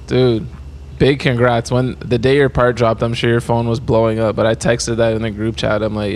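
A man co-hosting a podcast, chatting in a relaxed, slangy way and swearing casually. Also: medium pitch, normal speed, few pauses, a little hiss or hum. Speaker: podcast co-host. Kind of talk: casual chat.

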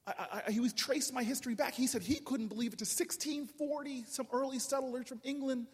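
A very high-pitched male voice with a breathy edge moves briskly through humorous stories. He's a New Jersey politician addressing a crowd at a town hall, animated and restarting many times, captured from far off in a big reverberant hall.

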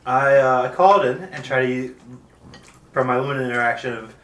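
A man's voice: mid-range voice, normal speed, fairly bright tone, far from the mic. A man playing a tabletop role-playing game, joking and laughing easily. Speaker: player. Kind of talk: casual tabletop game play. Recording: echoey room.

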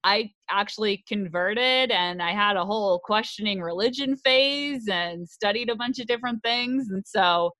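A woman's voice: medium pitch, normal speed, few pauses, bright, forceful tone, dry recording. A woman co-hosting a podcast, candid and joking about a film, laughing often. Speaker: podcast co-host. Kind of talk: casual movie chat.

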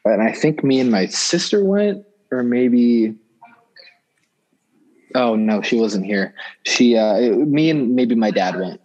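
A man's voice: medium pitch, lively intonation, slow pace, darkish tone, dull audio. A young man telling a personal story in casual talk, rambling with many fillers and restarts. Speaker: guest storyteller.

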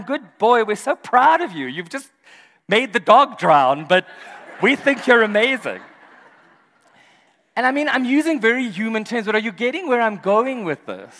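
Brief: male pastor, animated and funny, high and sing-song, long hall reverb. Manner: animated, humorous, laughs often. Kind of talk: sermon.

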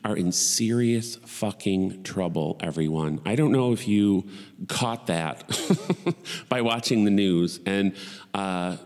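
A man's voice: low-pitched, slow, darkish tone, in a large hall. Wry, profane man in his forties. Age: 40s. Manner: rambling, profane, wry asides. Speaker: podcast host. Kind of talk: casual solo chat.

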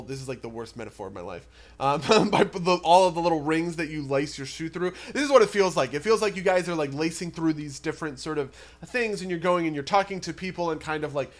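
A man game master talking over a tabletop campaign in casual chat, halting and searching for words. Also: on the high side.

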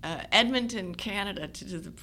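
A woman's voice: mid-range voice, fairly quick, a little hiss or hum. A woman in her sixties telling stories as an actress guest in a casual interview, laughing often. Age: 60s. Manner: animated storytelling, laughing often.

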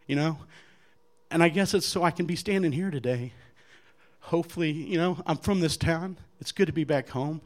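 Guy giving his testimony up front, kinda high voice, acts out everyone in the story, lots of restarts. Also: normal speed. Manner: animated storytelling, acting out others' lines. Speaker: guest speaker giving testimony. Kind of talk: personal faith testimony to an audience.

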